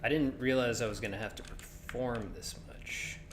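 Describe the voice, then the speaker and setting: A man's voice: medium pitch, steady tone, moderate pace, a little hiss or hum. Joking man thinking aloud while gaming. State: sore voice. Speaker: gaming streamer. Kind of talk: casual let's-play commentary.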